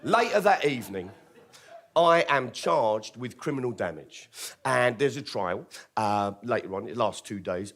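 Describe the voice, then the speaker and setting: A British stand-up comedian, with a mid-range, fairly bright voice, performs a true story at a live storytelling comedy show. His delivery is wry and theatrical, and he voices the other people involved.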